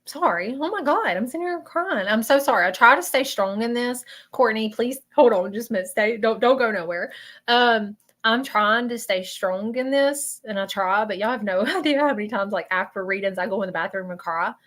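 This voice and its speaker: A woman with a Southern US accent hosting a live stream of spiritual readings, talking in an emotional, halting way that repeats itself. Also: mid-range voice, fairly bright tone. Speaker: host doing spiritual readings. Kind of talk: live-stream chat with viewers.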